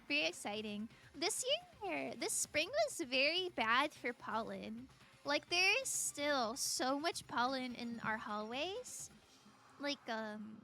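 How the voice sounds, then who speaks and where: Bright-voiced chatty American streamer woman. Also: on the high side. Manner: chatty, giggly, reading and answering chat. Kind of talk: casual game-stream chat. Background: faint game music.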